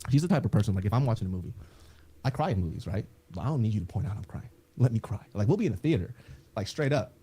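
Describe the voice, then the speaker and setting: A man co-hosting a podcast, telling stories with lots of laughter and acting out quotes in high voices. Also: lively intonation, very fast, warm tone, husky. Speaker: podcast co-host. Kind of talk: casual podcast storytelling.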